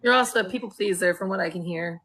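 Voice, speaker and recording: Bright-voiced playful woman host. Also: lowish voice, quick pace, slight background noise. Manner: playful, jokes and laughs along. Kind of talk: casual podcast chat.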